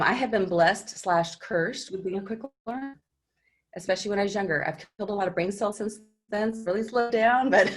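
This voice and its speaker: A middle-aged woman teacher giving her class an earnest, encouraging pep talk through a personal story. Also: medium pitch. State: teary.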